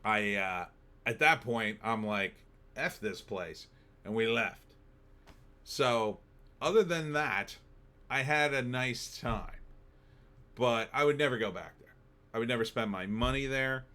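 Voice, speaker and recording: A man's voice: mid-range voice, unhurried, pauses often, sharp tone, clear, resonant tone. A man telling a story in a casual rant, sarcastic and exasperated, acting out both sides of the dialogue.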